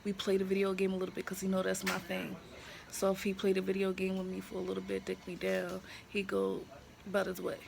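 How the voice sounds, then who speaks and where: A woman with a gravelly, fry-edged voice talks straight into a handheld phone from a hospital room. She is candid and blunt, swinging into emotional, slangy storytelling, while steady noise from the room runs underneath. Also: medium pitch, brisk. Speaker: vlogger. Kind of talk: candid personal storytelling to camera. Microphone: handheld phone camera. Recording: noisy room ambience.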